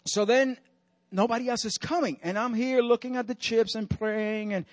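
A man preaching and telling a story in an animated way, acting out what was said and dropping to a hush for the serious parts. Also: extremely high pitch, normal speed, dry recording. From Dominican Republic. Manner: animated, acts out quotes with dramatic drops to a hush. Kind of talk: sermon storytelling.

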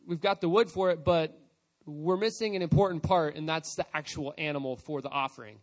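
A man's voice: fairly high pitch, brisk. A man leading a youth service, casually retelling a scripture story while others act it out. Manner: casual, animated retelling with quoted voices. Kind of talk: storytelling sermon.

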